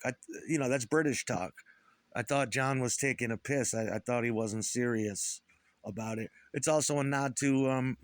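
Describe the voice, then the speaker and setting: Middle-aged man, former punk musician, swearing, rambling, bitter, mid pitch, dry close sound. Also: dry recording. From upstate New York. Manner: profane, rambling, aggrieved rant with many restarts. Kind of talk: rambling solo monologue.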